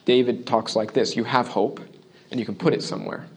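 A man preaching a sermon in an earnest, conversational way, often checking in with the listeners and dropping into quiet asides between louder points. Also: steady tone, brisk. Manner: shifts between loud emphasis and quiet, low asides. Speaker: pastor.

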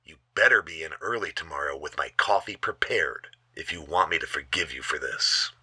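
A man's voice: very deep voice, expressive, normal speed, bright, forceful tone, breathy edge, no echo, full character voice. An actor playing a stern, demanding male doctor who talks in a clipped, formal way. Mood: scolding. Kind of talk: audio drama acting.

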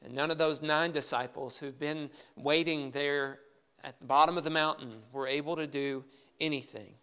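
A man's voice: on the high side, fairly even intonation, moderate pace, fairly bright tone, clean tone. A man preaching a sermon as pastor, talking in a conversational way with rhetorical questions and reading scripture with emphasis.

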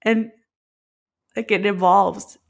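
A woman's voice: mid-range voice, steady tone, takes it slowly, creaky. A woman co-hosting a podcast, telling a personal story in a heartfelt, rambling way, full of "like" fillers. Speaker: podcast co-host.

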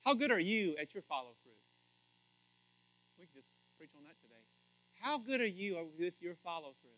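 Animated high-voiced male pastor. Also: normal speed, pauses often, rough recording. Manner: animated, joking, acts out quotes with sudden loud shouts. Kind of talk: sermon.

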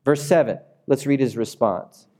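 A man's voice: mid-range voice, normal speed, mellow. A man preaching a sermon in a conversational way that builds to emphatic peaks. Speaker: pastor.

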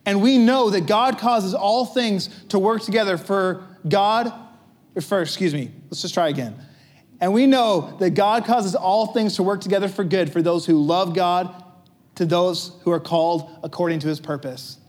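A man with a notably high voice preaches a sermon in an easy, conversational way. He asks his listeners rhetorical questions and slips in light jokes between scripture readings. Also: normal speed, darkish tone. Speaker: pastor.

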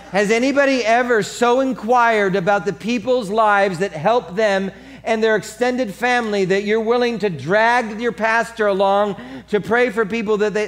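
Animated male pastor, slightly high voice. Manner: animated storytelling, acts out voices; drops to soft earnest tone for the appeal. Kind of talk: sermon.

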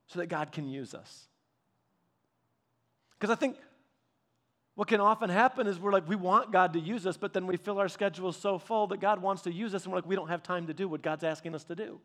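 High-voiced casual preacher man. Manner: casual, rambling storyteller with frequent restarts. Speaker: pastor. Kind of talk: sermon with personal stories.

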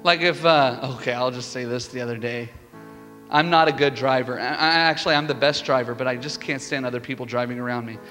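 A man preaching a sermon as pastor, telling stories with lively energy and building to fervent peaks. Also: medium pitch, brisk. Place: church sanctuary. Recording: reverberant hall with music behind.

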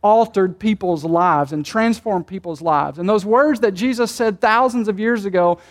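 High-voiced male pastor preaching conversationally. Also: moderate pace. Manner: conversational preaching with rhetorical questions and light jokes. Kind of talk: sermon.

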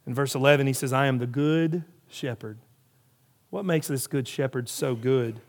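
A man's voice: medium pitch, moderate pace. A man preaching a sermon, building emphasis through repeated phrases and rhetorical questions. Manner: preaching with rising emphasis and repetition. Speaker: pastor.

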